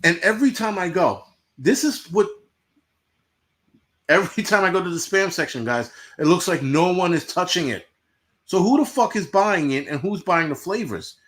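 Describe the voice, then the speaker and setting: A man's voice: high voice, expressive, normal speed, a bit bright. A man hosting a livestream, ranting bluntly and profanely to his chat in casual talk. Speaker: livestream host.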